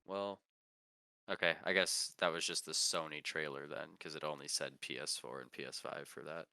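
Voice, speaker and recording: A man's voice: a bass voice, fairly even intonation, normal speed, vocal fry, pushed and bright, dry recording. A man co-hosting a casual podcast chat, rambling and searching for words, laughing now and then. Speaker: podcast co-host.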